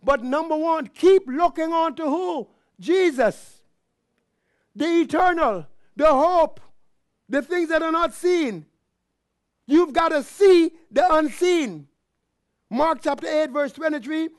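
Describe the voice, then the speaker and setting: High-voiced preaching pastor, dry sound. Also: male voice, animated, takes it slowly, no room sound. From Canada. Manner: preaching with call-and-response questions and exclamations. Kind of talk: sermon.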